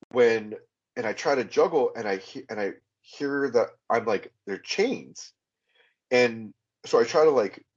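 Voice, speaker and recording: A man telling his personal testimony as a podcast guest, in an earnest, halting way full of fillers and restarts. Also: lowish voice, husky, lo-fi sound. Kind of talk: personal testimony, recounting a vivid experience.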